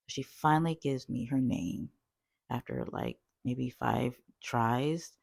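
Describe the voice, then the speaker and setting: A woman telling a call-center story in a chatty, animated storytime vlog, full of fillers. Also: rumbling low, slow pace, vocal fry, dry recording, clean studio sound.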